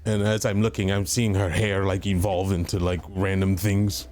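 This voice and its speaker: A man's voice: low voice, flat delivery, normal speed, a little mellow, soft background music. A man playing a tabletop role-playing game, talking in stammering, flustered apologies, slipping in and out of character. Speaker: player.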